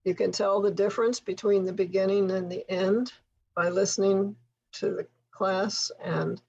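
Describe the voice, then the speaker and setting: A woman leading a tutor training workshop, explaining things patiently with occasional soft laughs. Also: medium pitch, little pitch movement, normal speed, vocal fry, slightly rough, highs cut off. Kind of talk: workshop instruction.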